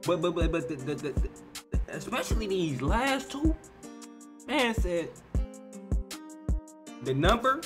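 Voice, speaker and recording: A man's voice: high voice, sing-song, slow, pauses often, music in the background. An American man hosting a casual reaction video, talking in disbelief, often repeating himself and tacking "bro" onto his lines. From United States. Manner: incredulous, repeats words and stumbles, says "bro" a lot.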